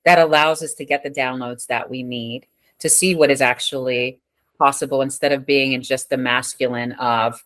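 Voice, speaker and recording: A woman hosting a podcast, talking in a reflective, thoughtful way with pauses and fillers. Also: extremely low pitch, fairly even intonation, fairly bright tone, no echo. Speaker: podcast host. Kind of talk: reflective interview talk.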